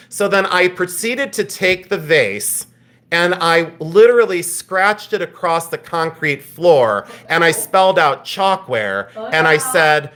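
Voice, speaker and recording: A man hosting a live sale stream, telling stories in a blunt, animated way with mild swearing. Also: a little high, takes it slowly. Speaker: live auction seller. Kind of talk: casual live-stream chat.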